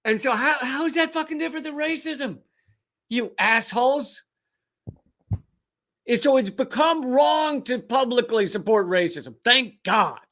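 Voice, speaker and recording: High, bright-voiced ranting man. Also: lively intonation, unhurried. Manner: profane, sarcastic, mocking mimicry. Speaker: host. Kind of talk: ranting political commentary.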